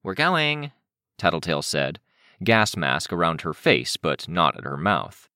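A man narrating an audiobook in a first-person voice, even and matter-of-fact. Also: extremely low pitch, a little slow, clean tone, no echo, clean studio sound.

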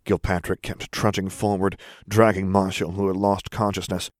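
A man narrating an audiobook in a measured, intense way, dropping to a whisper for inner thoughts. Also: deep voice, flat delivery, dry recording, studio quality.

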